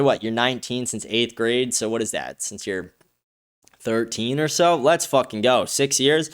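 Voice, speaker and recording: A man hosting a livestream, reading viewer comments with profane, combative ranting that turns excited when he is pleased. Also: medium pitch. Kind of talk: casual streaming talk.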